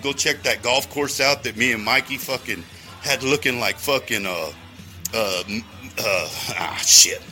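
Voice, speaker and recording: A man rambles through a profanity-laden monologue, calling out to his listeners and wandering between tangents. His voice is bright and sharp at a middling pitch. Faint music plays behind him. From Texas. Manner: heavy swearing, rambling tangents, addresses listeners directly.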